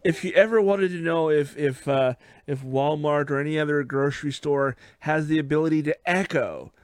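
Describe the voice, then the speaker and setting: A man's voice: on the high side, moderate pace, clean tone, no room sound, studio quality. Man chiming in with reactions. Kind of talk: casual podcast chat.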